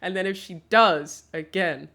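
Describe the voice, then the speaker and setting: Young female streamer, low-ish pitch, loose and chatty with plenty of laughs and casual swearing, home desk-mic sound. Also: measured pace, creaky, fairly bright tone. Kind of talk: casual livestream chat.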